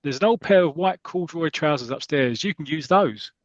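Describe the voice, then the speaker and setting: A man's voice: a little high, lively intonation, brisk, no echo, highs cut off, natural voice. A man reading aloud the lines of a stern, thrifty grandmother from a comic strip.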